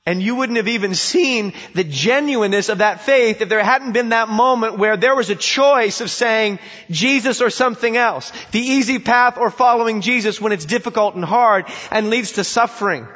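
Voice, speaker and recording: Preaching at a normal pace, a pastor with a high, fairly bright voice tells an emphatic story and asks his listeners questions. His sermon was recorded in a reverberant hall, and the sound is dull.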